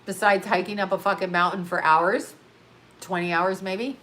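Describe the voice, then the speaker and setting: A tired woman chats loosely on a livestream from her home studio, replying to viewer comments as they come in. She rambles and drifts between thoughts, and she is blunt and quick to swear. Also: mid-range voice, steady tone, a bit bright. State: tired, yawning. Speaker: astrologer and livestream host. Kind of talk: casual livestream chat reading viewer comments.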